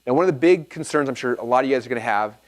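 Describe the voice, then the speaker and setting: Speaking very fast in a mid-range voice, this man leads a live workshop seminar, recorded as a filmed talk. He's an animated, energetic storyteller who frequently checks in with the people in the room.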